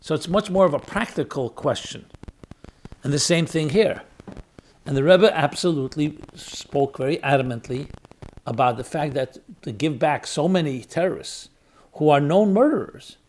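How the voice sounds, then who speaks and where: A man's voice: a little high, expressive, moderate pace, a little mellow. A man, a rabbi and podcast host, gives an emphatic spoken lecture, repeating key words for stress and asking rhetorical questions. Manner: weighs arguments aloud, asking rhetorical questions.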